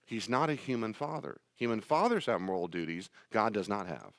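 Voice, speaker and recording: A pastor delivers sermon-style teaching, emphatic and full of rhetorical questions, his lowish voice bouncing up and down with big pitch swings. He speaks briskly, and the sound is dry and close with no room sound.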